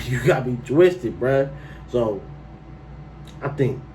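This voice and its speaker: A man's voice: mid-range voice, lively intonation, takes it slowly, warm tone, distant mic, a little hiss or hum, rough recording. A man telling a personal story to camera in a casual, slangy way, breaking into incredulous outbursts.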